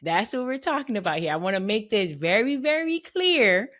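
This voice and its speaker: A woman's voice: medium pitch, big pitch swings, moderate pace, a bit bright. A woman hosting a motivational podcast as a boundaries coach, speaking emphatically, repeating points and checking in with "right?". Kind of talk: motivational solo podcast talk.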